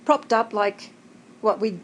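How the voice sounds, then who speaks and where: A woman's voice: mid-range voice, takes it slowly, rough recording. An Australian woman chatting in a rambling, conversational way in a personal vlog, often laughing, sitting up in bed in a hotel room. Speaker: vlogger.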